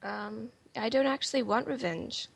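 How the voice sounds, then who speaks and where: A woman, a guest on an online talk show, speaking hesitantly and plainly with many pauses. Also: a little high, vocal fry, breathy edge, no echo. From Australia. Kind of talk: casual chat.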